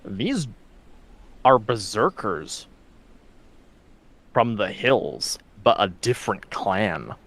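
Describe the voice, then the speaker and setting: A man's voice: fairly low pitch, animated, drawn-out words, pauses often, fairly bright tone. Man narrating as game master.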